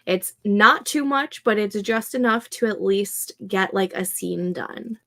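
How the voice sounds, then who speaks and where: Slow-talking woman live-streaming writing sprints. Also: mid-range voice. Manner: unhurried, reads viewer comments aloud and reacts warmly. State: stuffy from allergies. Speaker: livestream host running writing sprints. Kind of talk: casual live-stream chat.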